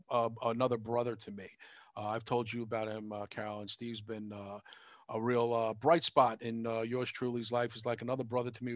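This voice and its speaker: A man's voice: medium pitch, no room sound. A man hosts a casual podcast and talks through plugs at a rambling pace, filling gaps with lots of uh's. His voice sits in an ordinary middle range. The recording is dry and close, with no room sound. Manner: chatty, rambling plugs with many fillers. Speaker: podcast host.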